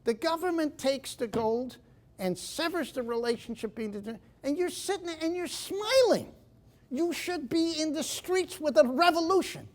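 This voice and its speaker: A man's voice: very high-pitched, lively intonation, moderate pace, voice pushed up. A man voicing a fanatical old Austrian economist with a thick Austrian German accent, scolding his listeners vehemently. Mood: scornful rant.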